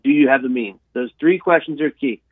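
A man telling a long personal story in an interview, animated, with frequent restarts and repeated words. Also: mid-range voice, fairly quick, dry recording. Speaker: guest sharing his life story. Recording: dry tinny phone-like sound.

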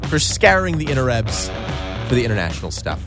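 A man hosting a radio morning show, reading news in a measured way and joking easily with his co-hosts. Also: medium pitch, sing-song, over music. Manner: measured newsreader delivery that gives way to easy laughter.

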